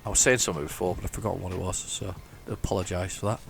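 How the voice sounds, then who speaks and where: A man's voice: sits low, steady tone, rapid-fire, gravelly, faint music behind. A man giving chatty, mock-heroic commentary while playing a driving game. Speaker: gaming channel host. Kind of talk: casual gameplay commentary.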